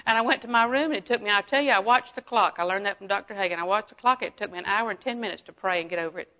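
A middle-aged woman delivers a folksy sermon full of personal stories. She talks in an animated way, laughing often and dropping her voice to a hush for asides. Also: medium pitch, very fast, poor audio. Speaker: preacher.

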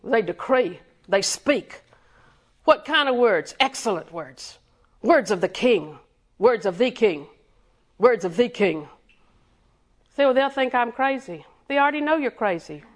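A woman's voice: mid-range voice, very animated, unhurried, pauses often. A woman preaching a sermon with rhythmic repetition, quizzing her congregation and chuckling between points.

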